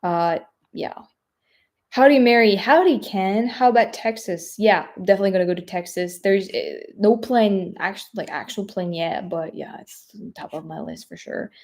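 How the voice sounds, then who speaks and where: A young travel vlogger from France, with a French accent, chats casually on a live stream, reading viewer questions in a mid-range voice at a moderate pace. Her manner is hesitant and filler-heavy, with soft asides that trail off.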